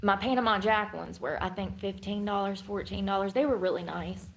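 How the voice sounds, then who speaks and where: Candid rambling woman with a creaky voice. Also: medium pitch, fairly quick, poor audio. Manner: laughs often. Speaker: live streamer. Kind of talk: casual live-stream chat.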